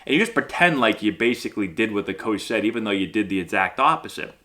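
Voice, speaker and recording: A man's voice: lowish voice, a little fast, bright, forceful tone. A man coaching young baseball players in a casual talk, acting out the voices of players and coaches as he goes. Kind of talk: casual instructional talk to camera.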